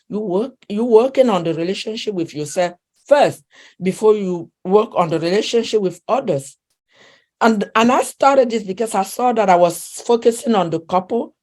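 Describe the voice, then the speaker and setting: A woman's voice: medium pitch, a little mellow. A middle-aged woman with a non-native English accent, a relationship coach talking in an interview, earnest and emphatic, repeating herself and searching for words. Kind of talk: interview conversation.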